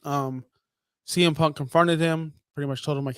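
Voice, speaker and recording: A man's voice: fairly high pitch, fairly even intonation, a little fast, clean tone, dry recording, studio quality. A young man co-hosting a casual wrestling podcast, blunt, profane and full of strong opinions. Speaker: podcast co-host.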